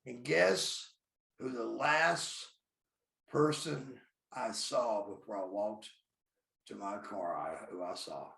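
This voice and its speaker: Man, 50s, very gravelly voice, blunt and profane storyteller, echoey room. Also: lowish voice, takes it slowly, fairly bright tone. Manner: blunt, profane, calls himself by his own name. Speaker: interview guest, former pro wrestler. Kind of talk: storytelling in a podcast interview.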